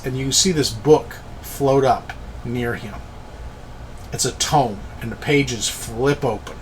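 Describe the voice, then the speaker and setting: A man runs a tabletop game, narrating the action at an unhurried, deliberate pace. His voice sits in a middle pitch, and faint background noise runs under it. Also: fairly bright tone. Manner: slow, descriptive storytelling. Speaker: game master.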